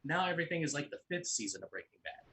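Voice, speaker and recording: A man's voice: on the high side, very animated, racing, bright, forceful tone, low-quality recording. A man hosting an online comedy show, rambling and often repeating his words. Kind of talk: casual hosting banter.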